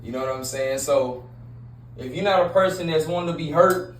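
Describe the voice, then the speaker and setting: A man's voice: on the high side, moderate pace. Blunt preachy man, echoey room. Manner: blunt, preachy, repetitive, street slang. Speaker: relationship advice host. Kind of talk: casual monologue. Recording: echoey room with faint noise.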